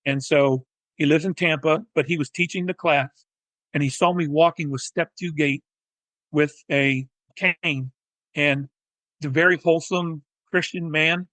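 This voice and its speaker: A man, a physical therapist and educator, telling his story in a technical, animated way as an interview guest. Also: on the high side, no room sound, low-quality recording. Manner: technical, animated, acts out quoted dialogue. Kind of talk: conversational storytelling.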